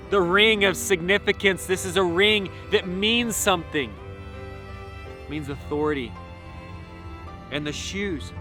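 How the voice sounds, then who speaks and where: A man preaching, retelling a parable in an animated storytelling manner with emphatic pauses. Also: a little high.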